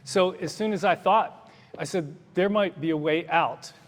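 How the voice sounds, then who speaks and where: A man's voice: fairly high pitch, a little slow. A man, a doctor running for office, giving an earnest, plainspoken campaign speech to a crowd in a meeting hall. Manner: earnest, plainspoken, fiery at times. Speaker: doctor and political candidate. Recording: long hall reverb.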